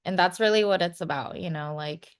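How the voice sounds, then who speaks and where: A woman's voice: lowish voice, brisk, smooth. A woman in her thirties, a podcast guest, giving frank advice in casual chat, full of "you know" and "like" fillers.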